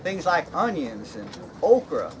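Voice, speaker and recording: A man's voice: a little high, big pitch swings, measured pace. A man playing a jovial, folksy, slightly mad Straw Hatter in an outdoor comedy skit, chuckling at his own jokes. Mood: jokey. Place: outdoor reenactment event. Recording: outdoor crowd and noise.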